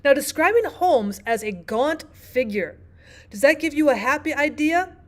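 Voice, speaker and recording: A woman teacher narrating a lesson, explaining clearly and asking the listener questions. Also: sits high, lively intonation, unhurried. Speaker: language arts teacher.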